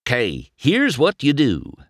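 A man's voice: huge pitch swings, slow pace, gravelly, dry recording, clean studio sound, exaggerated voice. A man voicing a goofy, cheerful male tow truck who loves pranks, in a raised, teasing voice. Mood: explaining. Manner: gleeful, teasing, higher and louder.

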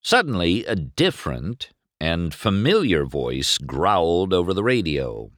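Deep, slow man reading a storybook. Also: no echo, clean studio sound. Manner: expressive, unhurried storytelling. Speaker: narrator. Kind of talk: storybook read-aloud.

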